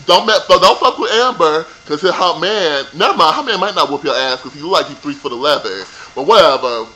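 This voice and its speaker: A man's voice: a little high, lively intonation, fairly quick, pushed and bright, poor audio. A young man ranting casually about a reality show reunion, sassy and profane. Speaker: vlogger reviewing a reality show. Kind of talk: casual rant.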